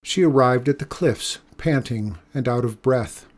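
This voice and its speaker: A man reading a children's storybook aloud with expressive, emphatic delivery. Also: mid-range voice, measured pace.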